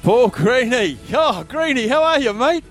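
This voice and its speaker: A man hosting a live radio sweep draw from a busy pub, chatty and quick, raising his voice over the room. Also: extremely high pitch, expressive, faint music behind.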